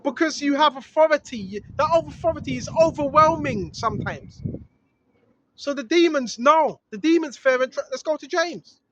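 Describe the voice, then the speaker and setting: This informal street preaching comes in an extremely high pitch at normal speed, with scripture readings and points repeated ever more forcefully until they become shouts. Faint noise sits under the dull, lo-fi sound.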